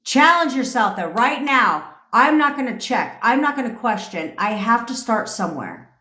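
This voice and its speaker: A woman's voice: on the high side, big pitch swings, moderate pace, sharp tone. A woman manifestation coach on a livestream, talking bluntly and with a lot of profanity. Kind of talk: livestream pep talk. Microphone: phone. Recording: echoey room.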